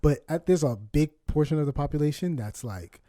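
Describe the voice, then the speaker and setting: A man's voice: fairly high pitch, lively intonation, a little fast, warm tone, no room sound, studio quality. A man in his twenties co-hosting a casual podcast chat, laughing often and rambling through many restarts and fillers. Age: 20s. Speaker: podcast co-host.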